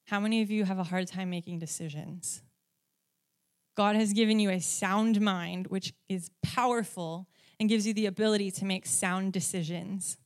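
Speaking at a moderate pace, a woman delivers a sermon, posing questions to her listeners. Whenever she shifts into storytelling, she becomes livelier, her pitch and volume climbing.

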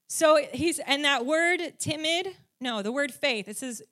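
Woman preacher, fairly high voice, lively storytelling sermon that rises in pitch and volume, asks the crowd questions. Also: a little slow, few pauses. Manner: animated, rising in pitch and volume when telling stories.

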